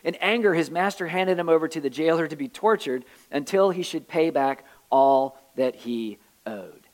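A man's voice: a little high, animated, moderate pace, rough recording. A man preaching a sermon, reading scripture aloud and explaining it in a conversational way with wry asides. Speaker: pastor.

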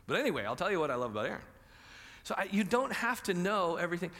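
Animated preacher man in a reverberant hall. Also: high-pitched, quick pace. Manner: animated, conversational, asks the audience questions. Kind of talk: conversational sermon.

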